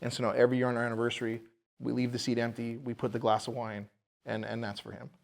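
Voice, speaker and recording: A man's voice: medium pitch, flat delivery, fast talker, vocal fry. A man, a bar owner, telling the story of buying his building in a casual podcast interview, acting out the voices of the people in it.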